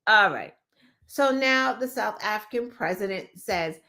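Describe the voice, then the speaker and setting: A woman's voice: high voice, big pitch swings, moderate pace, a bit bright. A woman hosting a podcast, giving opinionated, sarcastic political commentary and mimicking the people she discusses. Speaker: podcast host.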